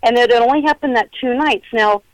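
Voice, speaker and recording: A middle-aged woman, a paranormal investigator, telling stories in a chatty, animated way over a phone line and acting out the quotes. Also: a little high, fast, no room sound. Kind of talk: casual storytelling interview.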